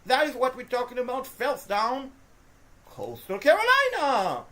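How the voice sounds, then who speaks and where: Woman commentating gameplay, excitable, frustrated groans to shouted cheers, very lively pitch, unhurried, bright tone. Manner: talks to the players and to viewers as folks. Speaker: gaming video host.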